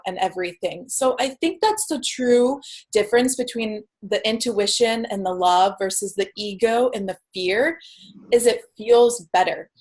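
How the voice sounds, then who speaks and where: A woman's voice: a little high, poor audio. A woman, a guest speaking earnestly and openly about her spiritual path on a video call. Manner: earnest, spiritual, acts out inner voices. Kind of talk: heartfelt interview talk.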